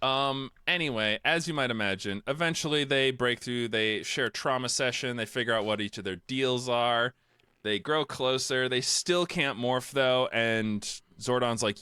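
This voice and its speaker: A man co-hosts a podcast, casually recapping a film in comedic chat, animatedly mocking quotes and throwing in crude jokes. His mid-range voice has a clear, resonant tone and a measured pace, captured in a dry recording.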